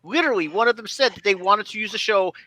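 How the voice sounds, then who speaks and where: A man's voice: sits high, quick pace, bright, forceful tone, a little hiss or hum. A man in a casual group chat, earnestly laying out his argument. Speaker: podcast panelist.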